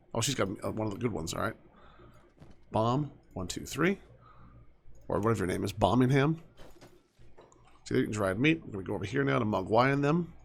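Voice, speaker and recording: A young man giving casual commentary while he plays a game, chatting to his characters and often dropping to soft mutters. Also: mid-range voice, creaky, husky. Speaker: gaming streamer.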